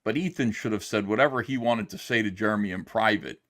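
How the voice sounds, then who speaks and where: Reacting to a video on his stream, this middle-aged man speaks quickly in a lowish, fairly bright voice. His commentary is a profane rant packed with fillers.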